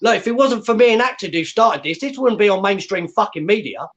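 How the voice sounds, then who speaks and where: High-voiced man ranting and swearing. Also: lively intonation, brisk, muffled recording. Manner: swearing, combative, repeats "yeah?" for emphasis. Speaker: guest. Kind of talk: angry ranting on a livestream.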